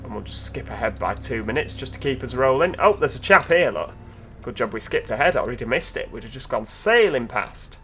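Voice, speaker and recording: A man's voice: medium pitch, animated, brisk, fairly bright tone, slight background noise. Chatty man commentating a game. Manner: chatty, joking asides addressed to viewers. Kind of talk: casual gameplay commentary.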